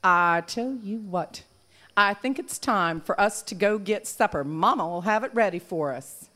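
A woman's voice: mid-range voice, animated, a little slow, fairly bright tone. A woman voicing a sly, scheming male rabbit in a folk tale, with a folksy drawl. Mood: insistent.

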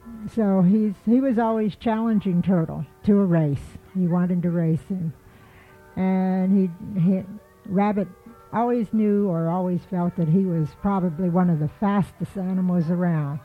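A woman telling an animal folk tale in a relaxed, rambling storytelling manner. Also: lowish voice, measured pace. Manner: relaxed, with frequent fillers and restarts. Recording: tinny phone-like line with faint music.

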